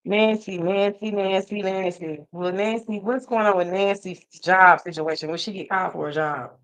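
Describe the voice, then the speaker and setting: A woman hosting a live stream of tarot readings, joking and preaching straight to her viewers in a casual, animated way. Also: medium pitch, moderate pace, no echo.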